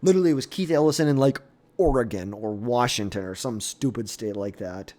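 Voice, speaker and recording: A man's voice: mid-range voice, brisk, darkish tone. A young man giving blunt, opinionated political commentary in a casual, off-the-cuff way, often trailing off and restarting.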